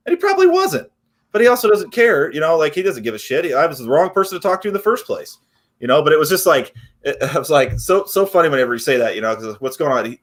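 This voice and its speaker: A man's voice: medium pitch, lively intonation, quick pace, a bit bright. A man co-hosting a podcast in casual chat, rambling and slangy, acting out little scenes. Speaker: podcast co-host.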